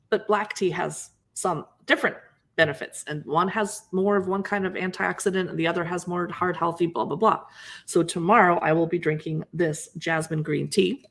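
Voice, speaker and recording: A woman hosting a casual livestream, chatty and animated, showing products and joking about herself. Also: fairly low pitch. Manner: chatty, animated, self-deprecating. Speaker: livestream host. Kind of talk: casual product showcase chat.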